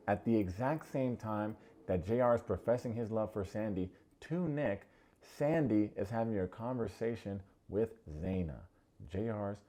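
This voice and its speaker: Chatty man recapping a TV show. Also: on the low side. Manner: chatty, animated, addresses viewers directly. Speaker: TV reality show reviewer. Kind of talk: casual video recap commentary.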